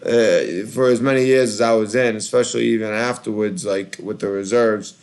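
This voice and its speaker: Boston man, creaky voice, halting and rambling, call-in show chatter. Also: fairly low pitch, fairly even intonation, a little mellow. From Boston, Massachusetts. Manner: rambling, halting, heavy on fillers. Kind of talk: casual call-in chat.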